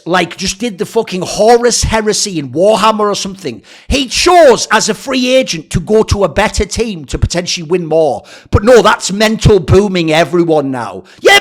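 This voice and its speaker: A man giving heated, sarcastic, profane esports commentary as a channel host. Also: high-pitched. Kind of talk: ranting commentary.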